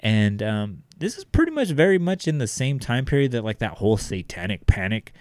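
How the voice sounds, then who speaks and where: A man's voice: medium pitch, big pitch swings, a little fast, a little mellow, no echo, studio quality. A man co-hosting a podcast, reading a sponsor spot and chatting casually, loose and profane, often saying "guys". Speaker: podcast co-host. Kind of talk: casual podcast chat with ad read.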